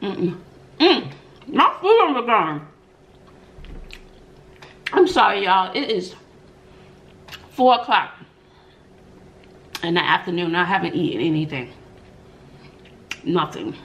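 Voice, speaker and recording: A middle-aged woman hosting an eating show, chatting and telling stories between bites, with drawn-out "mm-mm" asides. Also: lowish voice, big pitch swings, fairly bright tone. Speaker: mukbang host. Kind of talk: chatty storytelling while eating.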